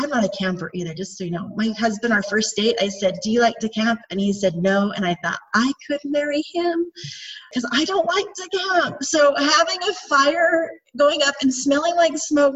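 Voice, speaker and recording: A breathy woman in her forties with a slightly high voice tells rambling personal stories, self-deprecating and chatty. She sounds set back from the mic on a dull, lo-fi recording. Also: distant mic. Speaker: mother sharing with a group. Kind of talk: casual personal storytelling.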